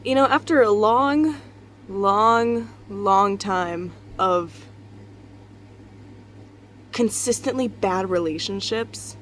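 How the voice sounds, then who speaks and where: A woman's voice: medium pitch, extremely slow, pauses often, a bit bright, a little hiss or hum. A young woman, tired and just out of bed, rambling candidly in a casual confessional vlog from her bedroom, swearing and laughing often. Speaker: vlogger. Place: bedroom at home.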